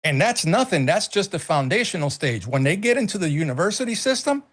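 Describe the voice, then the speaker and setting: A man's voice: high-pitched, very animated, fairly quick, a bit bright. A middle-aged man co-hosting a casual political talk stream, emphatic and swearing freely, often repeating himself. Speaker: co-host.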